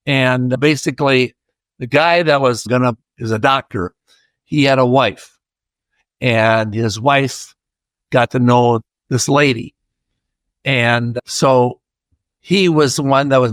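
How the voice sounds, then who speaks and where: A man's voice: medium pitch, a little slow, a bit bright, no room sound. An older man from Iowa, a podcast guest, chatting through a rambling personal story and acting out the voices of people he quotes.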